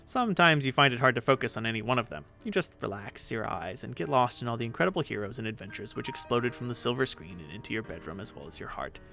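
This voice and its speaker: Guy reading a webcomic out loud, playful, bit of fry, soft music behind. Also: mid-range voice, fast, hardly any pauses. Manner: animated, playful delivery. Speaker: webcomic reader.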